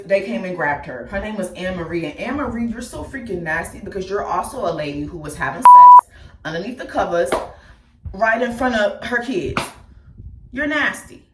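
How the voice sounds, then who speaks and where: A woman tells her own story to viewers in a blunt, profane, animated way, talking straight to the audience. Her voice sits at an ordinary middle pitch. It echoes around the room and she stands a little back from the mic. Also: recorded from a distance, noisy background. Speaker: host telling her life story. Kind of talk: casual personal storytelling to viewers.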